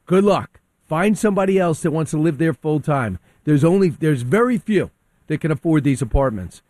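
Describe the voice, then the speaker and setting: A man's voice: fairly high pitch, dry recording. A man on talk radio giving heated opinionated commentary, acting out quotes as he argues. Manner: animated, quotes people in acted voices.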